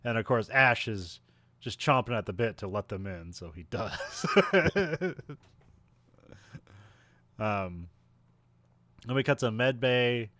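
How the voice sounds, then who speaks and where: A man's voice: medium pitch, expressive, takes it slowly, long pauses, a bit bright, no room sound. A man co-hosting a podcast, recapping a film in casual chat, laughing often and trailing off mid-sentence.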